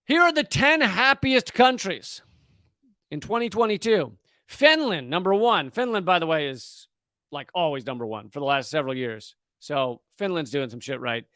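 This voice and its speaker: A man's voice: a little high, lively intonation, normal speed, pushed and bright, no room sound. A man, a comedian, ranting sarcastically and with lots of swearing as he reads from and reacts to a news article. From United States. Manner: profane, sarcastic and exasperated. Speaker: comedian and political commentator.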